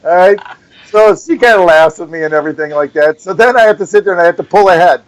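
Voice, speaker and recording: Middle-aged Wisconsin man, high-pitched co-host, animated rambling storyteller. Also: quick pace, rough recording. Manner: rambling, animated, acts out voices in his story. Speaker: podcast co-host. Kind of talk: casual ranting chat.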